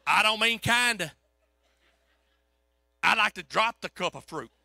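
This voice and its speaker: A man preaching a sermon, telling a story in a folksy, animated way. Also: high-pitched, a little slow, gravelly, dry recording, studio quality. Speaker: pastor.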